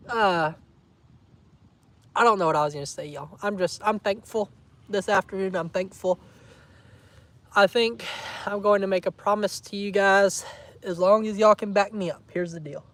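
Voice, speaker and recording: A man, chatting warmly and emotionally to his viewers in a casual vlog, teasing them and saying y'all a lot. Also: sits high, moderate pace, long pauses, dry recording. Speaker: vlogger.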